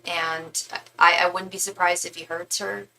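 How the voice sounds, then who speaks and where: A woman's voice: fairly low pitch, flat delivery, a little slow, gravelly, bright, forceful tone, a little hiss or hum, poor audio. A young woman giving a live-stream tarot reading, talking casually in slangy, emphatic bursts and often restarting her sentences. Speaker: tarot reader.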